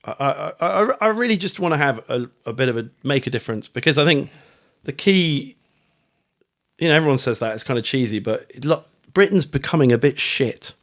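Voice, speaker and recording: A man's voice: medium pitch, brisk. Middle-aged british guy rambling away in a podcast chat, lots of um and like, bit sweary. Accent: British English. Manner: rambling, animated, with fillers and casual swearing. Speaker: guest author. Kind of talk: casual podcast interview.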